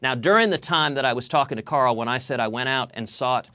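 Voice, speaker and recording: Male political guest of middle pitch, recounting a story with animated delivery and stuttered restarts, dry close sound. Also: a little fast, dry recording. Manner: animated storyteller who repeats words when starting sentences. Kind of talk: storytelling in a TV interview.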